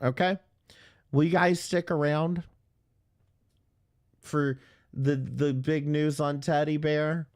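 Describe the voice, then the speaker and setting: A man's voice: fairly high pitch, steady tone, takes it slowly, long pauses, darkish tone. A man hosting a livestream commentary, ranting furiously with heavy profanity and stammering restarts when worked up. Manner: furious, heavily profane, blunt. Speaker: streamer host.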